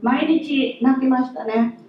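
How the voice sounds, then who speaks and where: A woman giving a lively, anecdotal talk to an audience, teasing her listeners as she goes. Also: sits high, moderate pace, distant mic. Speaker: guest speaker. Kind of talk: lecture to an audience. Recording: echoey hall from afar, dull sound.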